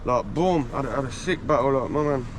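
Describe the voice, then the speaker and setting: A man's voice: mid-range voice, expressive, a little fast, slight background noise. Slangy, swearing man from England. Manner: slangy, swearing, boastful storyteller. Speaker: interviewee. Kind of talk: casual street interview. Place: outdoors on a residential street.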